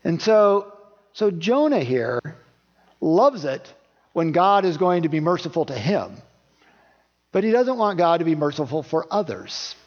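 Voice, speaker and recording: Conversational male pastor, slightly high voice. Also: big pitch swings, unhurried, a little mellow, long reverb tail. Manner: conversational, asks the congregation questions. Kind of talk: sermon. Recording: dull lo-fi recording.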